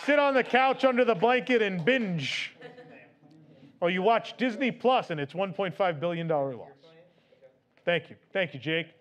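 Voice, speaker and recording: A man's voice: high-pitched, animated, moderate pace, fairly bright tone. A man hosting a live stream, casually reading out donations in a playful, laughing, loose manner.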